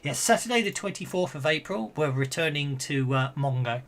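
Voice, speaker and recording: A man wrapping up a tabletop game session as game master, talking in halting bursts full of fillers and restarts. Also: a little high, lively intonation, a bit bright.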